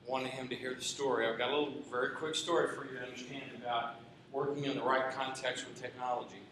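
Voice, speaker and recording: A man's voice: medium pitch, steady tone, quick pace, background noise. A man with a Texan accent gives a folksy, joking presentation about school technology to an audience. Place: large echoey hall. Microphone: handheld mic after a distant start. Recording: echoey hall, distant mic.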